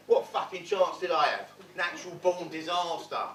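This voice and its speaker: Bloke playing a cheeky geezer spinning his life story, bit high voice, roomy theatre, mic far off. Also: background noise, close to an everyday voice. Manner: wry, blunt, swearing storyteller. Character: streetwise London man recalling his rough childhood. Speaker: stage actor in a one-man play. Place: theatre stage.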